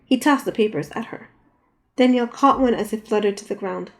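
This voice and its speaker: A woman, the author, reading her novel aloud as an audiobook, lifting her voice for the characters' lines. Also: fairly quick. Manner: reads dialogue with raised pitch and force. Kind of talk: audiobook narration.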